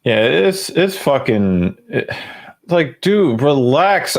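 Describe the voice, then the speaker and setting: A man's voice: mid-range voice, very animated, slow. Young male podcast host, crude joking banter, mid-range voice. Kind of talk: casual podcast chat.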